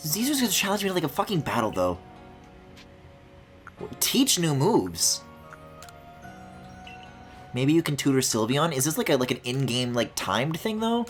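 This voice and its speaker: Woman gaming streamer, casual commentary, swearing, very animated voice, lowish pitch. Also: a little slow, pauses often, faint music behind. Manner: swinging from loud squealing outbursts to low mutters, swears often.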